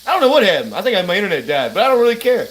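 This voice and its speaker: Talking very fast, a man with a high, fairly bright voice swings widely in pitch during a casual livestream from his home while cooking. He drawls, rambles and laughs a lot, recorded on a phone with a little hiss or hum, as food sizzles and fries nearby.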